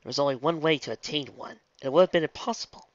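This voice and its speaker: A man voicing a remorseful, regal female pony princess, speaking in a soft, measured way. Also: fairly high pitch, slight background noise, voice pushed up, natural voice. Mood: solemn. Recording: dull lo-fi, dry.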